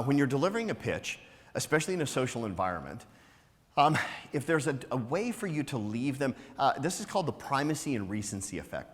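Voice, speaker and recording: At a live conference, a male speaker with a mid-range voice delivers an energetic, teasing motivational business talk, tossing out rhetorical questions and often adding "right?". The hall gives the recording a long reverb.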